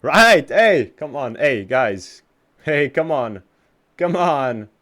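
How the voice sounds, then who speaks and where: A man's voice: on the high side, very animated, slow pace, fairly bright tone. A young man streaming games live, chatting casually and trash-talking with lots of swearing. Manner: profane, trash-talking banter.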